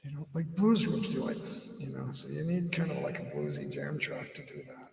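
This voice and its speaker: A man hosting a livestream alone, thinking out loud and trailing off, a bit hot and out of breath, talking from an upstairs loft at home. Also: fairly high pitch, wildly swooping pitch, normal speed, vocal fry, echoey room, big-room sound, far from the mic. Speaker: livestream host. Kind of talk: rambling solo live chat.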